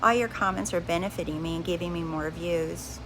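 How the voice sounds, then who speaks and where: A woman hosting a live stream on spiritual growth, speaking calmly and directly to her viewers, often repeating phrases. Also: on the low side, a little fast, noisy background. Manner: calm, reassuring, repeats herself, addresses viewers directly. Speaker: livestream host.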